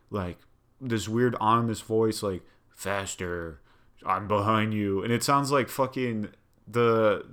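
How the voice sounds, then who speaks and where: A man's voice: mid-range voice, a bit bright. A young man and podcast co-host, retelling a movie in profane, rambling casual chat.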